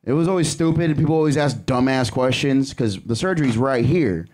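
A man's voice: medium pitch, fairly quick, darkish tone. A young man doing a crude, rambling stand-up set on a comedy club stage, breaking off to laugh at himself. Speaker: stand-up comic.

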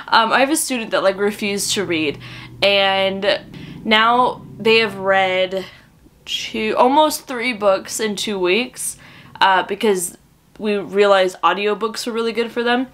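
A young woman, a book vlogger and teacher, chatting excitedly and gushing as she unboxes book mail. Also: medium pitch. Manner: gushing, excitable, swearing with joy. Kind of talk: casual vlog chat while unboxing.

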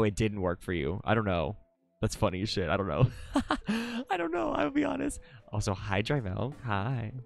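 Drawing on a live stream, this man talks loosely with viewers in a lowish voice touched by vocal fry. He gets excited easily, curses frequently, and laughs a lot.

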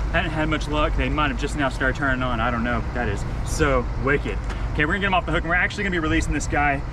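A man hosting a casual fishing vlog outdoors on a river, excitable and quick to exclaim and repeat himself. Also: fairly high pitch, recorded from a distance, background noise. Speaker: fishing channel host. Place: outdoors on a river with strong current.

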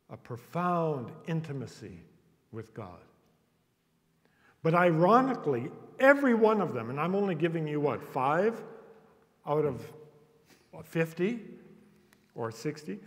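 A man's voice: a little high, sing-song. A man, a university instructor, giving a public lecture with playful, chuckling asides to a live audience. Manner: unhurried, playful, chuckling between points. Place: auditorium before a live audience. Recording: echoey hall with long reverb.

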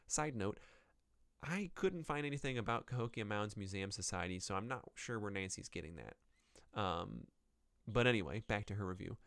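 Guy hosting a podcast, lowish smooth voice, lots of ums and restarts, kinda wry, dry close sound. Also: lively intonation, normal speed, fairly bright tone, dry recording. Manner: hesitant, with many fillers and restarts. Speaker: podcast host. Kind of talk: casual book review chat.

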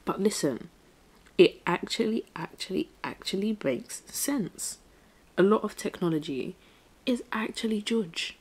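A woman's voice: medium pitch, animated, unhurried, a little mellow, slightly rough. A young woman hosting a casual solo podcast, chatty and playful, dropping slang and breaking into bits of song. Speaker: podcast host.

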